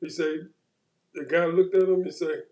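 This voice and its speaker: A man in casual conversation, retelling a run-in with police in an animated way and acting out the quoted exchanges. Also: a little high, normal speed, rough recording.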